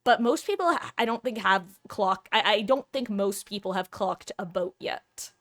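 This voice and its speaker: A woman's voice: medium pitch, animated, moderate pace, fairly bright tone, no room sound. A woman chatting casually on a live stream, her mid-range voice close and dry. She rambles and restarts, laughing often at her own attempts. Her tone stays self-deprecating. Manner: frequent restarts and filler words.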